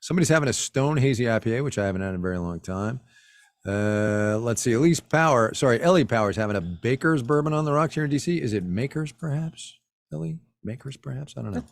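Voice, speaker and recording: A man's voice: medium pitch, expressive, quick pace, no echo, clean studio sound. A man co-hosting a casual livestream from a home office, wry and teasing. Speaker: co-host.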